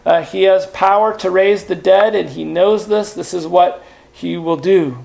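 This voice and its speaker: A male pastor delivering a sermon with a fairly high voice that has a gravelly, creaky edge. He speaks earnestly, slipping in "uh" and rhetorical questions as he goes. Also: measured pace, darkish tone.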